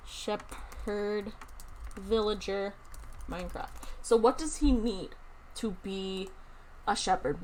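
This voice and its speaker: A young woman streaming a building game, chatting casually and thinking aloud in an excited, talkative way. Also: mid-range voice, slight background noise. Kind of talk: casual live-stream chat while playing a building game.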